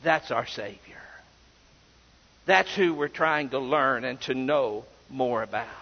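A man's voice: medium pitch, takes it slowly, husky. A man preaching a sermon as pastor, driving his points home with repeated rhetorical questions. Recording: dull recording with long hall reverb.

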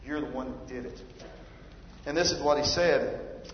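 A man's voice: mid-range voice, normal speed, slight background noise. A man preaching a sermon, emphatic and rising in force when he reads scripture. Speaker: pastor. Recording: roomy hall reverb, dull lo-fi sound.

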